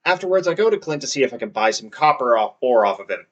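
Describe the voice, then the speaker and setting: A man's voice: mid-range voice, sing-song, fast talker, muffled recording. A man narrating his farming game session in a scripted, wry and self-deprecating way. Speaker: let's play narrator.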